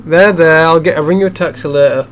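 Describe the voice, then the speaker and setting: A man's voice: on the high side, fast talker, crowd noise. A young man hosting a game playthrough, telling a rambling story with many restarts in casual chat. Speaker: let's play host.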